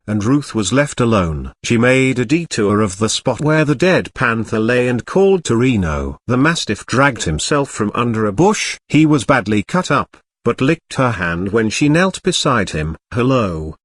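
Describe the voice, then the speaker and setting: A computer-generated male narrator reads an old adventure novel aloud. His pitch moves with a lively rise and fall, and the recording is close and dry, with no room sound. The stresses land oddly now and then, in the way of machine speech. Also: moderate pace, hardly any pauses, no room sound. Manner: even synthetic reading with odd stresses. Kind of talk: synthetic audiobook narration.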